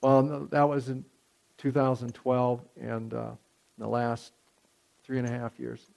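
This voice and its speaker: A man's voice: medium pitch, completely flat delivery, measured pace, vocal fry, a little mellow. A man preaching a sermon in a conversational storytelling way, with many fillers and restarts, to a church congregation.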